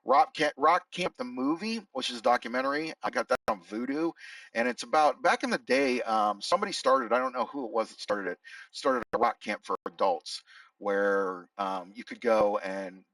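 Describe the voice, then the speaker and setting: A man's voice: mid-range voice, expressive, moderate pace, creaky, fairly bright tone, no echo, far from the mic, rough recording. A middle-aged man reviewing films in a rambling casual chat, often correcting himself mid-sentence. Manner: rambling, self-correcting, reading out his own reviews. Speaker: movie reviewer. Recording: dry sound, set back from the mic.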